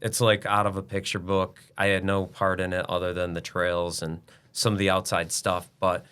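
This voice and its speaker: A man's voice: deep voice, little pitch movement, moderate pace, a bit bright, smooth. A middle-aged man, a business owner guest, talking bluntly and emphatically in a casual interview, now and then swearing.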